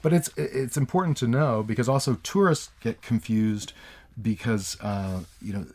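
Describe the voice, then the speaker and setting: A middle-aged man from the United States in a casual educational chat, explaining English usage in a relaxed, halting way with many fillers and restarts. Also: mid-range voice. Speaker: co-host, English teacher.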